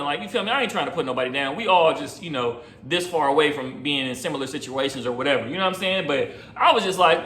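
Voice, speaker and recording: A man's voice: on the high side, expressive, fast talker, bright, forceful tone, reverberant. A young man, a rideshare driver, telling a rambling, slangy story in casual chat, often asking "you know what I'm saying".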